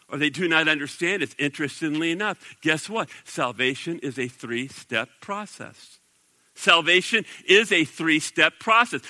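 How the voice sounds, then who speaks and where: A man preaching a sermon as pastor, animated and acting out the voices of the people he quotes. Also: high-pitched, no room sound, low-quality recording.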